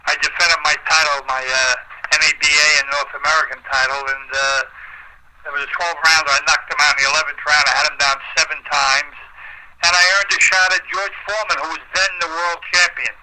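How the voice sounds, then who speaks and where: A man's voice: on the high side, fairly even intonation, brisk, crowd noise, low-quality recording. An older man, a retired boxer, telling long stories in an interview with many fillers. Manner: rambling storyteller, frequent uh fillers. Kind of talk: storytelling interview.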